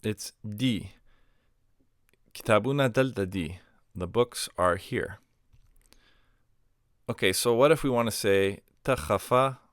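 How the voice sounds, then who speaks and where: Man, teacher, recorded lesson, patient explaining, clear resonant voice, dry sound. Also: on the low side, takes it slowly, long pauses, a bit bright, dry recording. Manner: patient explaining with spoken examples, fillers like um and uh. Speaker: language teacher.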